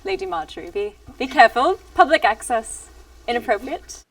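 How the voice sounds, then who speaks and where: A woman's voice: sits high, lively intonation, normal speed, vocal fry, no room sound. A woman playing a prim scolding mother-in-law. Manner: sharp, pointed, scolding. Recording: sketch clip played back from a distance.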